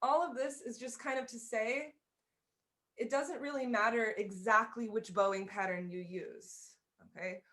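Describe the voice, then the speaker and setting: A woman's voice: a little high, steady tone, a little slow, fairly bright tone. A woman teaching a live online fiddle lesson. She explains bowing step by step in an encouraging way and sings out the rhythms. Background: violin playing.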